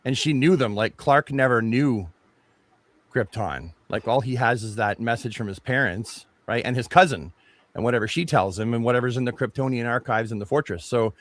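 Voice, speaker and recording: A man's voice: mid-range voice, moderate pace, no room sound. A man co-hosting a podcast, chatting casually and rambling through his take on a movie trailer. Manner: rambling, many restarts and fillers. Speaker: podcast co-host. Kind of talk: casual chat reviewing a trailer.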